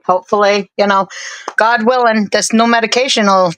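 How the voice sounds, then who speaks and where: A woman co-hosting a live stream, chatting casually in a rambling, self-deprecating way with many fillers and pauses. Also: mid-range voice, fairly even intonation, a bit bright, rough recording.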